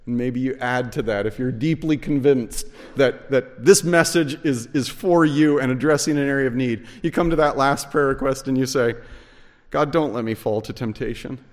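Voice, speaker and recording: A man preaching a sermon as pastor, earnest and measured, sometimes rising to shouts to stress a point. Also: medium pitch. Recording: long reverb of a large hall.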